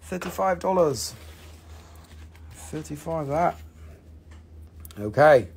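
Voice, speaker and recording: A man's voice: sits high, animated, normal speed, slight background noise. A man hosting a live crystal sale, joking and swearing casually in loose, offhand phrasing. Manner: joking, profane, loose non-native phrasing.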